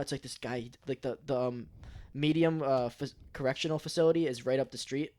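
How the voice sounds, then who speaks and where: Brisk and a little mellow, this medium-pitched man is a podcast co-host spinning a rambling story about work. His casual chat is full of swearing and repeated slang fillers, especially "dude."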